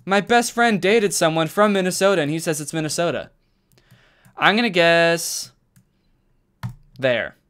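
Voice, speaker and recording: A man streaming from a carpeted room at home, chatting casually with his viewers while he plays, and bursting into loud exclamations when he gets excited. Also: a little high, a little slow, long pauses, clean tone. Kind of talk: casual live-stream chat while gaming.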